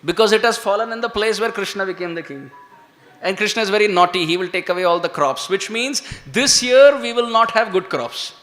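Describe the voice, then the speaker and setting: A man giving an animated devotional talk, drawing the audience into call and response. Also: sits high, a little fast, soft background music. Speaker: devotional speaker. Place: temple hall. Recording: echoey hall.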